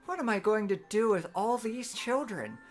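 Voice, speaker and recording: A woman voicing a lonely young girl who speaks softly and wistfully, longing for home. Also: a little high, expressive, moderate pace, soft background music, pitched above the performer's own voice, lightly acted. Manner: soft and wistful, rising to tearful cries.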